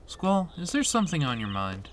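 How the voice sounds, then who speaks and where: A man's voice: a little high, normal speed, slight background noise, pitched above the performer's own voice. A man reading a cheerful young female instructor. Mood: cheerful teasing. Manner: reads the on-screen dialogue aloud in a raised, lively voice.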